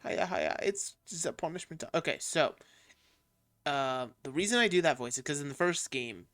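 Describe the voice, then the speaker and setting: A woman's voice: low voice, big pitch swings, moderate pace, a bit bright, no echo, clean studio sound. A woman streaming a game and chatting casually, candid and swearing now and then. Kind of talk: casual gameplay commentary.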